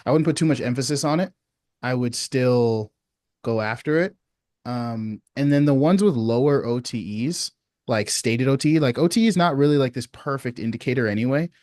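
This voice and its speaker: Male sales coach, mid pitch, relaxed chatty delivery, dry video-call audio. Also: moderate pace, no echo. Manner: relaxed, uses many fillers like "you know what I mean". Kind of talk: casual advice on a support call.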